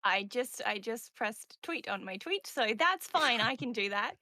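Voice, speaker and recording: Bright bubbly woman player, dry sound. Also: fairly high pitch, lively intonation, no echo. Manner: bubbly, self-mocking, halting. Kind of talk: casual chat at a tabletop game.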